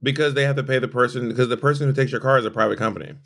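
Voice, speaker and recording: A man's voice: mid-range voice, fairly even intonation, very fast, fairly bright tone. A man co-hosting a podcast in casual, opinionated chat, often restarting his sentences. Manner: chatty and opinionated, frequent restarts. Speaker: podcast co-host.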